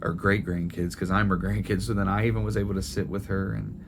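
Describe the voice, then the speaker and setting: A middle-aged man preaching a sermon in a gentle, tender storytelling way, often restarting his phrases. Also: deep voice, flat delivery, fairly quick, vocal fry, noisy background. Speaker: pastor.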